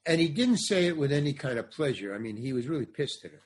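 Husky older man telling a story. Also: medium pitch, quick pace. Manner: animated, acts out other voices. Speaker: guest comedian and actor. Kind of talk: storytelling anecdote in a podcast interview.

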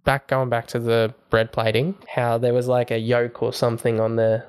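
Brief: male co-host, smooth clear tone, casual chatty film recap. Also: mid-range voice, flat delivery, moderate pace. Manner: chatty, retells scenes with quoted lines. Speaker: podcast co-host.

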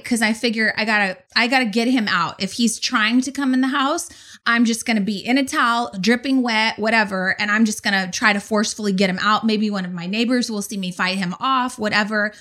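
A woman in her forties telling a story in a casual, animated way, swearing often. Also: fairly high pitch. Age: 40s. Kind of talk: casual anecdote on a talk show.

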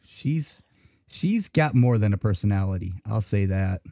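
A man's voice: on the low side, a little slow, no echo, clean studio sound. Profane, laughing male podcast host. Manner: profane, laughing, animated storytelling. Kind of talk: casual chat.

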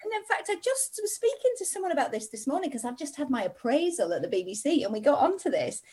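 A woman in her forties from Middlesbrough, telling stories as a podcast guest in lively casual chat. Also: high-pitched, fast talker. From England (Middlesbrough). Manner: lively storyteller, laughs often. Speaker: guest, TV presenter.

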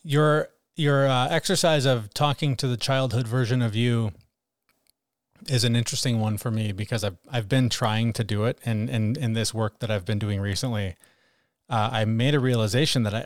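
A man talking frankly on a podcast, sprinkling his speech with profanity and now and then voicing the cruel critic in his head. His voice sits at an ordinary middle pitch. The sound is dry and close, with no room around it. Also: dry recording. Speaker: podcast co-host. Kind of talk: candid conversational chat.

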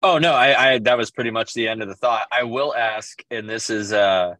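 A man's voice: medium pitch, moderate pace, bright, forceful tone, no echo. A man co-hosting a podcast, telling rambling stories in casual chat with lots of fillers and swearing. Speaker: podcast co-host.

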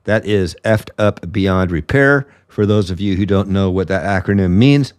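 A male podcast host talks in a fairly low voice. He rants bluntly and sarcastically through his political commentary, sounding openly indignant. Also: moderate pace, no room sound, clean studio sound.

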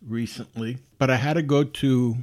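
A man's voice: mid-range voice, steady tone, normal speed, darkish tone. A man hosting a podcast, telling a long story in a chatty, rambling way with many restarts. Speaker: podcast host. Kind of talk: casual storytelling monologue. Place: from near Poughkeepsie, New York.

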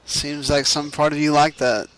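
A man co-hosting a casual gaming podcast, chatting and joking, quick to laugh. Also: on the high side, level tone, a bit bright, clear, resonant tone, poor audio. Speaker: podcast co-host.

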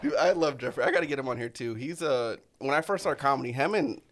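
Young comic hosting a podcast, rapid rambling delivery, profane and loose. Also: male voice, a little hiss or hum. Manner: loose, profane, rambling, jumps up in pitch for emphasis. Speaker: podcast host and comedian. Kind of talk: casual podcast chat.

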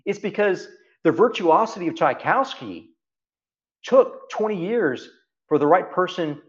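A middle-aged Texan man talks in an interview, his pitch rising and falling widely as he presses each point home and repeats key phrases. The sound is dull and lo-fi. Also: sing-song, a little slow. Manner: emphatic, repeats phrases for stress. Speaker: guest, private equity CEO. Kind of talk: reflective interview talk.

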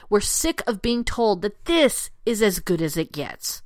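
A woman's voice: mid-range voice, sing-song, a little slow, dry recording, clean studio sound. A woman delivering an angry, sarcastic, profane political rant, punching out short lines.

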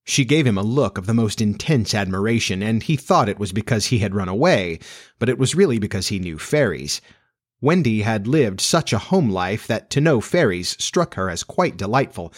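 A man narrating a classic children's story in a steady, measured reading voice. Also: on the low side, dry recording, studio quality.

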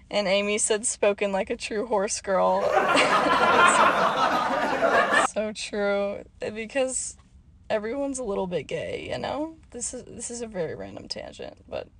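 Chatty, rambling young woman podcaster. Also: mid-range voice. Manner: rambling, chatty, full of fillers. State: slightly hoarse. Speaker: podcast host. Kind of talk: casual solo podcast chat.

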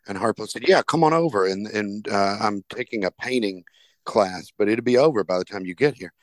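A man's voice: on the low side, normal speed, no echo. A man hosting a podcast, telling stories in a casual chat and acting out the people in them. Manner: animated anecdote telling, acts out quoted characters. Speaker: podcast host.

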